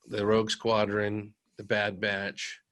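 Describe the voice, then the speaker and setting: A man's voice: fairly low pitch, completely flat delivery, slow pace, a bit bright. A man co-hosting a fan podcast in casual chat, rambling with fillers and restarts and laughing often. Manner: laughs often while talking. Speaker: podcast co-host.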